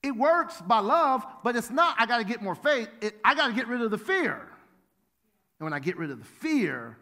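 A male pastor preaching a sermon, telling stories with animated shouted exclamations. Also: very high voice, moderate pace. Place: church sanctuary. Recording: long church-hall reverb.

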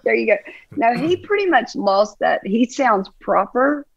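Southern lady pastor, gravelly voice, kinda slow and sweet, dull muffled sound. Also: a little high, big pitch swings, no room sound. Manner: affectionate, unhurried with fillers. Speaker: pastor and guest. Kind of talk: casual interview chat.

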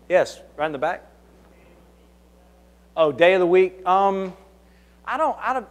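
A Southern-accented man with a slightly higher voice takes audience questions at a conference talk. He speaks conversationally and tells anecdotes, often restarting mid-sentence. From Kentucky. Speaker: conference speaker, security consultant. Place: conference hall.

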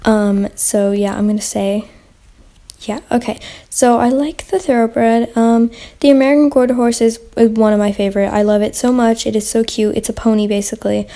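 A woman's voice: on the high side, fairly even intonation, moderate pace, warm tone. A young woman hosting a casual gaming Q&A vlog, chatty and rambling with lots of fillers and restarts. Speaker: channel host.

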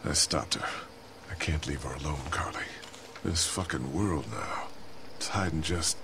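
A man's voice: measured pace, noisy background. An actor playing a weary grown man who protects a young girl, speaking grimly and steadily. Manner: low, grim, steady.

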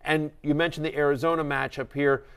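A middle-aged man hosting a fantasy football show, talking fast and animated, acting out voices as he rants. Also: a little high, smooth. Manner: animated, ranting, acts out quoted voices. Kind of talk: excited sports analysis chat.

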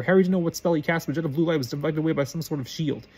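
A man reading a story aloud, quickly and with frequent stumbles and restarts. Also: fairly high pitch, a little mellow, breathy edge. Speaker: reader.

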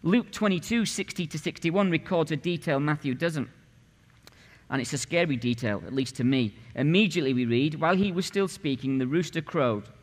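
A man's voice: on the high side, lively intonation, normal speed. Man in his forties preaching in a reverberant church. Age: 40s. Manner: punchy, conversational preaching with rhetorical questions. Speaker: pastor. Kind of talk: sermon. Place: church sanctuary.

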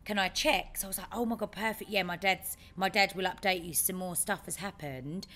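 Woman chatting on a podcast, tells stories all animated, does other people's voices. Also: mid-range voice, a little fast. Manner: animated storyteller, acts out her dad's lines. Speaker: podcast co-host. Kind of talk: casual chat, storytelling.

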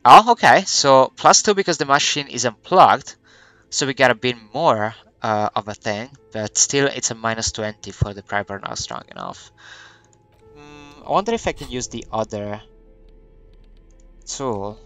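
Bright, crisp-voiced man musing through a game. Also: mid-range voice, lively intonation, unhurried, soft background music. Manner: thinks aloud, hesitant, musing. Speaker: let's play gamer. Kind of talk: gameplay commentary, reading game text aloud.

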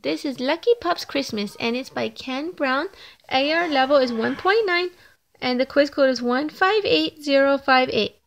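A woman reads a children's picture book aloud in a high, bright-pitched voice. She takes it slow and clear, the way you read to small kids. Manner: slow, clear storybook reading. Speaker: storybook reader.

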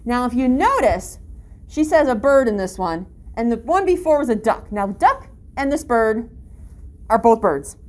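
A woman with a high, bright voice leads children along an outdoor story walk, reading a picture book aloud. She sounds upbeat and encouraging in the way of a teacher, and she breaks into playful animal-sound imitations. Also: sing-song, moderate pace. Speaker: library story-walk guide.

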